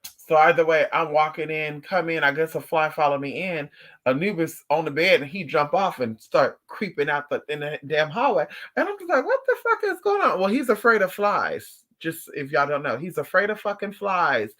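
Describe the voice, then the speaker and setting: A man vlogging in casual livestream chat, telling stories to his viewers in an animated, profane way with playful asides. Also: a little high, moderate pace.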